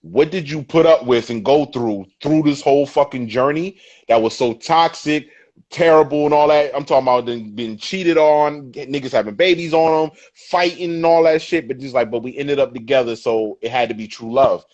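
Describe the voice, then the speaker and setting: Profane animated man, lo-fi sound. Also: mid-range voice, normal speed. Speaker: podcast guest. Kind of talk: casual podcast chat. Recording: dull lo-fi sound.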